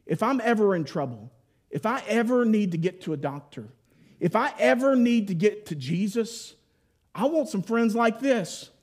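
High-voiced man preaching a folksy sermon. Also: expressive, moderate pace. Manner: folksy storytelling with playful voiced asides; drops to a hushed, solemn tone at key points.

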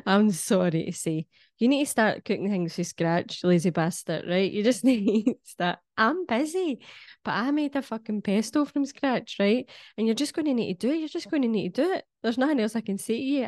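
A woman's voice: lowish voice, warm tone, no room sound, clean studio sound. A middle-aged Scottish woman giving blunt, sweary, cheeky health advice straight to her viewers in a casual monologue. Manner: blunt, sweary and cheeky, lectures the listener directly. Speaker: wellness vlogger.

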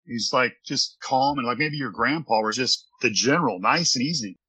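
A former baseball pitcher telling an earnest, rambling story from his office during an interview. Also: normal speed, sharp tone, breathy edge, low-quality recording.

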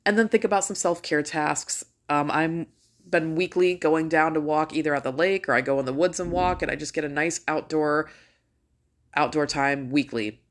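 A woman's voice: low-pitched, moderate pace. A middle-aged woman ranting casually to her viewers, blunt and full of swearing as she tells a story. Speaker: vlogger.

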